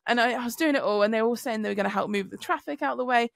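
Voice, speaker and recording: Gravelly woman telling a story. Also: a little high, rapid-fire, no echo, studio quality. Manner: animated storytelling with swearing. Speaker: podcast co-host. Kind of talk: casual chat.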